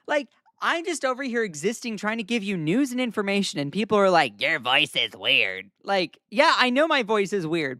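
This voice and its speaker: A young man hosting casual live-stream news commentary, chatty and animated as he reacts to viewer comments. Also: fairly high pitch, no room sound, clean studio sound.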